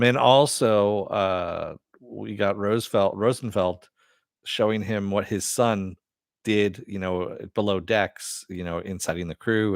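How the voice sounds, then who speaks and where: A man's voice: deep voice, creaky, no echo, studio quality. A man hosting a casual live-stream TV review, rambling with many fillers and frequent chuckles. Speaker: show host.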